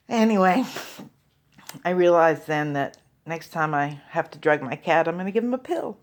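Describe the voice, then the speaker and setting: A woman tells a stand-up comedy story, and her pitch jumps up and down. She drops in profane, deadpan asides between the beats. Her voice sits a little higher than most. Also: brisk.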